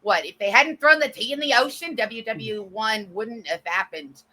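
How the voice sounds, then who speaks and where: Woman, Texan accent, chatty, higher voice, bright tone, casual podcast chat. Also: moderate pace. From Northeast United States. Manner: chatty, jumps between thoughts. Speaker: podcast guest, streamer.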